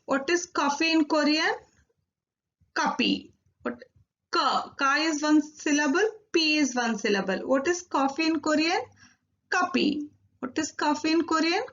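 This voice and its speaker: A woman teaching a recorded Korean lesson, repeating each word slowly and drilling syllables one by one. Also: sits high, fairly bright tone, lo-fi sound.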